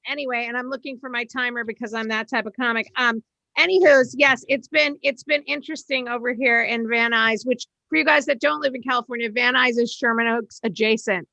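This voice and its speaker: A woman's voice: fairly high pitch, fairly even intonation, brisk, gravelly, sharp tone, no room sound, lo-fi sound. A woman from Boston doing a brash, self-deprecating stand-up set on a video call from home. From Boston, USA. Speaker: stand-up comedian.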